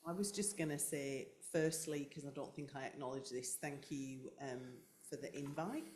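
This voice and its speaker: A man's voice: mid-range voice, moderate pace, a little mellow. A man on a panel giving plainspoken, grateful closing remarks. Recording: echoey room with faint noise.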